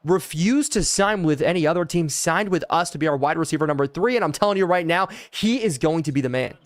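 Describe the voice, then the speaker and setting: Calling plays and thanking his chat, a young man streams a football video game live and turns loud and excitable whenever a big play happens. He talks briskly in a voice on the high side, and there's no echo.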